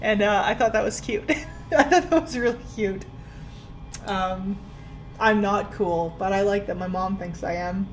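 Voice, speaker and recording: This young beauty vlogger from Canada takes her time, speaking unhurriedly in a medium-pitched voice as she does her makeup at home. Her get-ready-with-me chat is casual, self-deprecating, and full of "like." Faint, soft music plays under a rough recording with a little hiss or hum.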